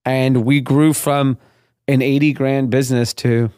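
A man's voice: medium pitch, measured pace, clean tone, no room sound, clean studio sound. A man in his thirties from the Los Angeles area, telling his business story in a casual interview and acting out the other people in it. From Los Angeles area, Granada Hills. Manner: animated storyteller, acts out quoted voices. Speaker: guest, clothing brand founder.

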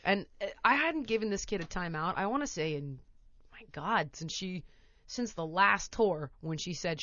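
A woman host telling a long story in casual chat, animated and often laughing, acting out her toddler in voices. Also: lowish voice, moderate pace, no room sound, lo-fi sound.

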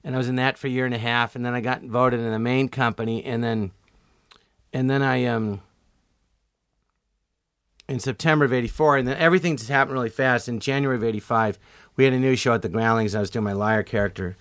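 Man, 60s, lively raconteur who acts out quotes; dry, close mic. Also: medium pitch, fast talker, clean tone, no echo. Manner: animated storyteller, acts out quoted voices. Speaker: guest comedian. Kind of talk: casual storytelling interview.

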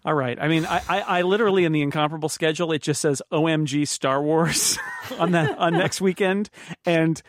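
A man hosting a casual podcast chat, easygoing and halting, often restarting his sentences. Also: on the high side, no room sound, studio quality. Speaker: podcast host.

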